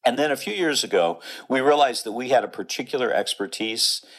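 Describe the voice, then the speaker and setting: A man's voice: mid-range voice, lively intonation, a little fast, a bit bright. A middle-aged man, a music professor and choral conductor, talking as an interview guest, earnest and explanatory with plenty of fillers and restarts.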